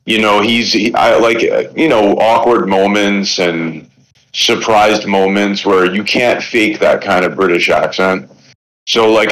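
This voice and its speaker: A man from the Bronx with a New York accent, a podcast guest, who talks in a rambling, profane way with many restarts while high. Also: a bit bright, poor audio. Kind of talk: casual chat.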